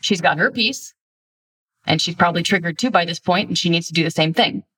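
Woman coach, low-ish voice, direct and emphatic, a little away from the mic. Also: brisk, a bit bright, breathy edge, distant mic. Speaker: relationship coach. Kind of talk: instructional self-help talk.

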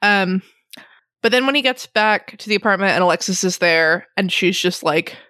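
A woman's voice: mid-range voice, normal speed, fairly bright tone, dry recording, studio quality. A woman in casual chat about a book, rambling and laughing often as she retells scenes. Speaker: book podcast co-host.

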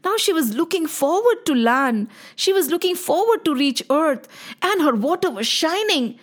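High-voiced woman telling a myth. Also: normal speed. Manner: animated, emotive with exclamations. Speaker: storyteller. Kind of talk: expressive mythological storytelling.

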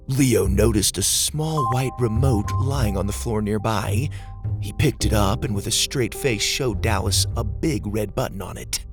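A man narrating a children's story in a gentle, steady storytelling manner. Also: fairly low pitch, measured pace, soft background music.

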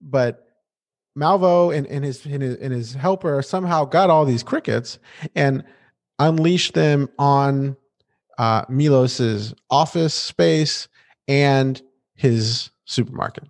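A man's voice: medium pitch, slow. A man co-hosting a podcast, recapping a TV episode in a playful, casual way. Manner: animated and playful, with restarts. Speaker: podcast co-host.

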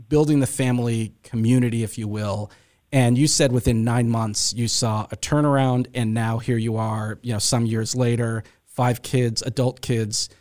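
A man with a mid-range, somewhat dark voice hosts a faith podcast. He talks casually and rambles, full of fillers and restarts.

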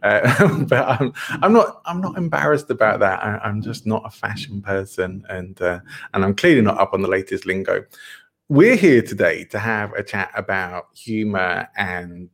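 A man's voice: lowish voice, animated, moderate pace, gravelly, fairly bright tone. A middle-aged man from the north of England hosting a live chat show, talking easily with small laughs and restarts.

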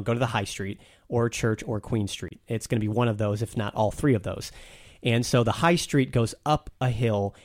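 A man's voice: mid-range voice, no room sound. Guy gushing on a podcast, dry close mic, rambly stories. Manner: enthusiastic, storytelling, some restarts. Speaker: podcast guest, castle enthusiast. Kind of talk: casual podcast conversation.

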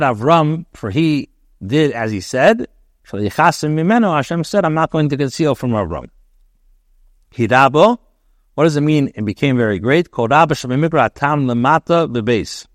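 A man's voice: mid-range voice, dry recording, studio quality. A man teaching a daily Torah class, reading short phrases of text and then translating and explaining them in plain English, with fillers and restarts.

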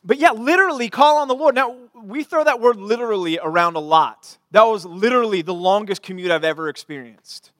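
A man preaching a sermon as pastor, earnest, repeating phrases and swinging from quiet to emphatic. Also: sits high, fairly quick, few pauses, no room sound, studio quality.

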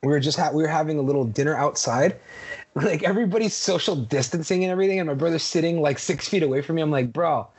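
A man's voice: on the high side, fast, a little mellow, breathy edge. A man in his twenties co-hosting a podcast in casual chat, ranting with lots of swearing and emphasis. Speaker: podcast co-host.

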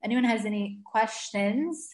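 A woman's voice: fairly high pitch, unhurried, echoey room. A woman teaching an online class, chatty and enthusiastic, often laughing and restarting her sentences. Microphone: video call.

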